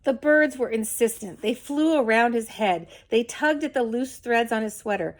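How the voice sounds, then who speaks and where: A woman reading a children's novel aloud in a measured, expressive storytelling manner. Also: on the high side. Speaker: reader.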